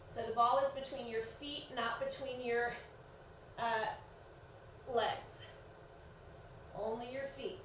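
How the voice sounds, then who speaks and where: A woman's voice: on the high side, fairly even intonation, slow pace, pauses often, fairly bright tone. A woman in her thirties coaching a live-streamed workout, counting reps and cheering people on in a chatty, encouraging way while sounding a bit sleepy. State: sleepy, yawning. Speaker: fitness instructor. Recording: echoey room, voice far from mic, faint noise.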